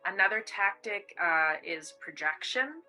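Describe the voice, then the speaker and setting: Bright-toned woman explaining abuse tactics. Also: mid-range voice, lively intonation, unhurried, faint music behind, low-quality recording. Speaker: expert commentator on abuse. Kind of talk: explanatory documentary interview.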